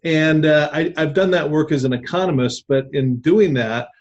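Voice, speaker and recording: Man, from Southern California, interview guest, relaxed, restarts, dull lo-fi sound. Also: fairly high pitch, normal speed. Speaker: author and economist guest. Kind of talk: radio interview.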